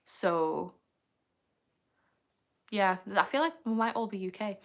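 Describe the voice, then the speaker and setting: A woman's voice: mid-range voice, big pitch swings, fairly bright tone. A young woman hosting a casual livestream, chatting loosely and laughing often as she reads viewer comments aloud. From United Kingdom. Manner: chatty and rambling, quick to laugh. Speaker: livestream host.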